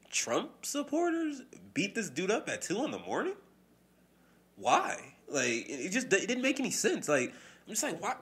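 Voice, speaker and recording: A man co-hosting a podcast in casual, profane chat. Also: mid-range voice. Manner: animated, profane, mimics voices when quoting people. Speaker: podcast co-host.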